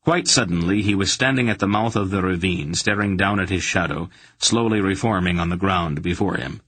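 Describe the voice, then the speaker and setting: A man narrating an audiobook in a steady, measured storytelling manner. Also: sits low, a little hiss or hum. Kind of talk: scripted narration.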